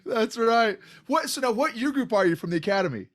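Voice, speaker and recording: A man's voice: extremely high pitch, animated, a little fast. A man in his forties hosting a podcast interview, eager and informal, laughing often between questions. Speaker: podcast host. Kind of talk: casual interview chat.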